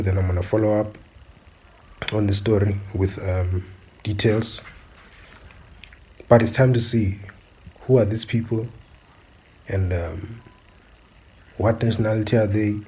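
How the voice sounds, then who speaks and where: A man's voice: on the low side, dark tone, slightly rough, rough recording. A man, giving opinionated commentary as a channel host and asking his viewers again and again whether they understand. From South Africa. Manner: preachy, repeatedly asks "do you understand?".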